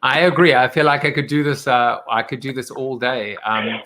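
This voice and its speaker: Male host, bright tone, loose rambling delivery full of fillers and restarts. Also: mid-range voice, fairly even intonation, moderate pace, slight background noise. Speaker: show host. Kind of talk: casual live-stream chat.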